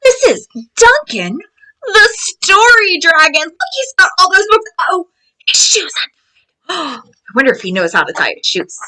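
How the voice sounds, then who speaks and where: Animated high-voiced woman reading to kids. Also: moderate pace, low-quality recording. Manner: animated, gasping, exclamatory. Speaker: storyteller for children. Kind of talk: reading a picture book aloud to children.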